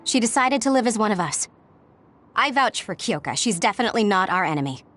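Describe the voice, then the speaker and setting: A woman's voice: medium pitch, sing-song, a little fast, a bit bright, soft background music. An actress playing a loyal, outspoken young woman who speaks firmly and emphatically in a game cutscene. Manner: firm, emphatic.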